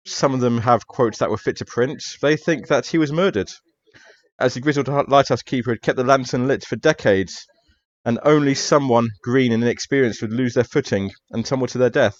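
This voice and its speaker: A man's voice: mid-range voice, dry recording. Male game master, middle voice, rambling narrator, dry and slightly muffled audio. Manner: rambling, hesitant narration with many fillers. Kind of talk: narrating a tabletop mystery game.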